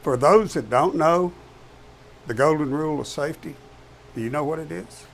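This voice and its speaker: A man's voice: on the high side, moderate pace, gravelly, a little hiss or hum. A man who is a professional truck driver, talking casually and repeating his key points for emphasis. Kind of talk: casual talk show chat.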